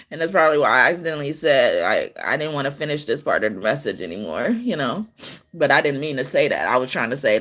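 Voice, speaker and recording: A woman's voice: low-pitched, fairly bright tone. A woman giving a live-stream tarot reading, talking in a loose, rambling way with many restarts and laughing between sentences. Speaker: tarot card reader.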